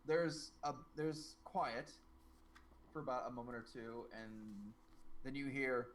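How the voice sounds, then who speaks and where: A man narrating as game master in an animated, expressive way. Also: mid-range voice, measured pace, slight background noise.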